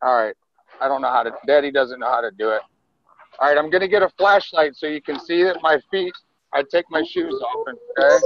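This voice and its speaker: A man's voice: on the high side, sing-song, a little fast, vocal fry, highs cut off. A father chatting playfully with his daughter on a phone video, grumbling dramatically. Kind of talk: casual family vlog chat. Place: family home, stepping outside into snow at night. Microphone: handheld phone camera.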